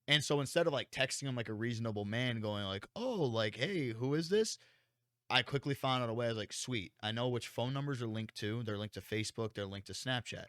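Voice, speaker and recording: This young man's voice is medium-pitched, smooth, and fairly quick, captured in studio quality without echo. He co-hosts a podcast, telling an animated story in casual chat while swearing a lot and acting out quotes.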